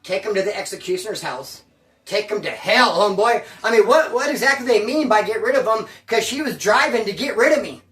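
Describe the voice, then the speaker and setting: A man's voice: high voice, expressive, brisk, hardly any pauses, a bit bright, reverberant, distant mic. A man telling a story from his past in casual, profane street slang, rambling and repeating himself.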